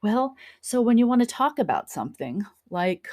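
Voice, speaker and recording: A woman's voice: a little high, sing-song, normal speed, darkish tone. A woman teaching a German grammar lesson over slides, chatty and encouraging, checking in often with her students. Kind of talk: classroom lecture over slides.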